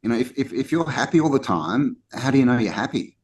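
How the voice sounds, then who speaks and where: A man's voice: mid-range voice, expressive, fast, a little mellow. A man co-hosting a podcast, talking casually and animatedly, often restarting with "you know" and acting out mock complaints. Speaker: podcast co-host. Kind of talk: casual conversational talk.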